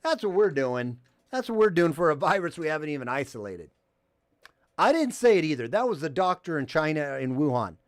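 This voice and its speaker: A man hosts a livestream call-in show, his pitch swinging widely as he rants. He swears freely and reads the chat aloud. The sound is dry and close, with no room around him. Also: sing-song, a little fast, no room sound. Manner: heated, profane, reads viewer chat aloud. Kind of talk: ranting livestream commentary.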